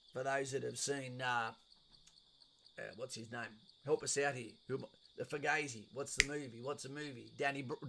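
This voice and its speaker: A man's voice: medium pitch, vocal fry, fairly bright tone. A middle-aged man with an Australian accent hosts a casual live stream, reading out viewers' chat messages and answering them in a blunt, chatty way with casual swearing.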